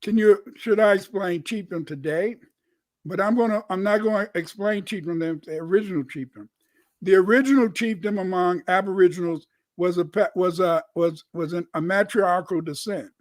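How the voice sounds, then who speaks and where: Older guy, high-pitched, rambly, keeps restarting, swears a bit. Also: moderate pace, no echo. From United States. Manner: rambling, repeats words, cusses. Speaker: guest scholar. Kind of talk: casual live-stream talk.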